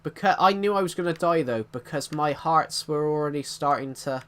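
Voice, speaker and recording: A man's voice: fairly high pitch, moderate pace, fairly bright tone. A British man in his twenties chatting casually with viewers while streaming a game, rambling as he answers their comments. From Britain. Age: 20s. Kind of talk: casual live-stream chat while gaming.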